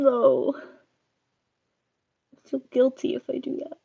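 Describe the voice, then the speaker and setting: A woman's voice: on the high side, fairly even intonation, measured pace, vocal fry, pauses often, dark tone. A woman chatting casually on a live stream at home, playfully talking to her pets. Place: home room. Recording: dull lo-fi stream audio.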